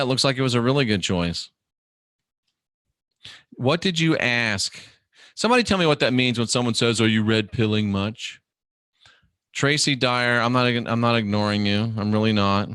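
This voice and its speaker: A man's voice: mid-range voice, a bit bright, dry recording, studio quality. A man hosting a casual livestream, reading viewer questions aloud and answering them by name in a rambling, chatty way.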